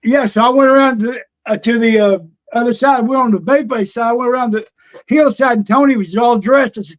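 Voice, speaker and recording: A veteran wrestler, now retired and appearing as a guest, is an older man with a very high voice and a slightly fast pace. He animatedly tells road stories in a casual interview, acting out old conversations. The recording is dull, lo-fi stream audio.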